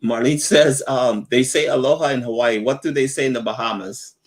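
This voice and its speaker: A man's voice: mid-range voice, fairly even intonation, fairly quick. A man co-hosting a casual travel live stream, chatting, laughing often and reading out viewer comments. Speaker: travel vlogger co-host.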